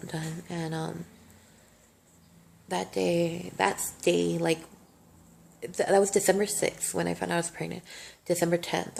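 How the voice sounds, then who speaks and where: A woman's voice: fairly low pitch, creaky, darkish tone. A young woman vlogging a personal story, emotional and rambling, swearing freely. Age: young adult. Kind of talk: casual storytime monologue.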